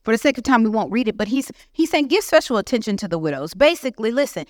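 A woman preaching to a women's session at church, lively and conversational. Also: on the high side, quick pace, dry recording, clean studio sound. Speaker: guest speaker. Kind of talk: teaching sermon. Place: church hall.

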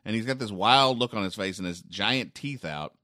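Deep-voiced deadpan man, dry sound. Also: moderate pace, no room sound. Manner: deadpan, wry asides, frequent ums. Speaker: podcast host. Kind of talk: comedic comic-strip commentary.

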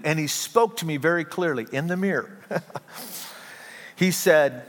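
Joking pastor in a reverberant church. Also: male voice, fairly high pitch, a little slow, long pauses. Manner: humorous storytelling, self-deprecating asides. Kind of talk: sermon. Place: church sanctuary.

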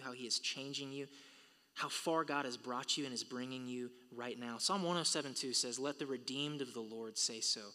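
Pastor, male, bright forceful voice, preaching in a church with long hall reverb. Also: mid-range voice, brisk. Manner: preaching, building to emphatic peaks. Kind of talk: sermon. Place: church sanctuary.

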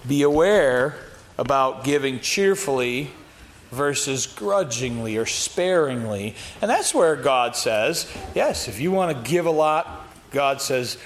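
During a Bible lesson for adult Sunday school, a man reads a scripture passage aloud before explaining it plainly and putting questions to the class. He speaks slowly, in a mid-range voice with lively intonation, against slight background noise.

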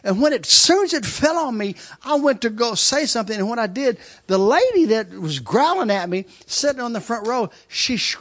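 A man's voice: sits high, a bit bright. A male preacher telling a story in a sermon, acting out screams and laughter as he goes. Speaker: traveling preacher.

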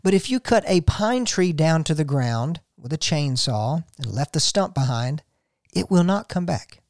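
A man's voice: on the high side, sing-song, unhurried, a little mellow, no echo, studio quality. Folksy man talking gardening. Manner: folksy, addresses listeners as folks. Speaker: garden show host. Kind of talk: casual gardening talk with storytelling.

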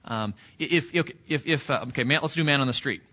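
A man's voice: mid-range voice, fast talker, pushed and bright, lo-fi sound. A man teaching an interactive Bible study lesson in a church classroom, putting questions to the class and often restarting his sentences. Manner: conversational, asks the class questions, frequent restarts.

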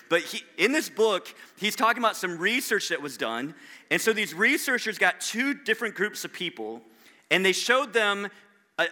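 A man's voice: high-pitched, sharp tone. A man preaching a sermon as a pastor, talking in a conversational, self-deprecating way with frequent restarts.

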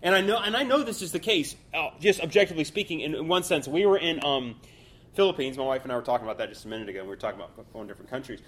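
A man's voice: fairly high pitch, expressive, racing, fairly bright tone. A man teaching a Bible study class in a loose, conversational way, full of fillers and restarts.

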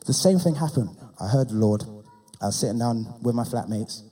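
Speaking a little fast in a mid-range voice, a young adult man gives his testimony as a sermon. His animated telling swells into loud, impassioned preaching.

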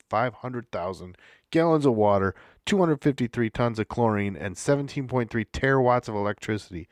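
Man, podcast co-host, casual chat, rambling, playful ad read, dry sound. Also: no room sound. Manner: rambling, reads statistics in a playful ad pitch. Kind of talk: casual chat with sponsor reads.

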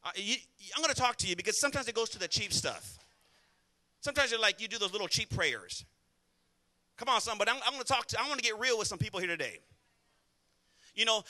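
Bright, high-voiced preaching pastor. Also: male voice, animated. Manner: emphatic preaching with call-and-response to the congregation; rapid, conversational delivery. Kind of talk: sermon.

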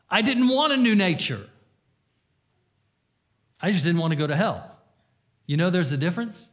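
A pastor delivers a sermon, earnestly sharing his own testimony in a voice that sits high. He swings between loud, emphatic moments and hushed, quiet passages.

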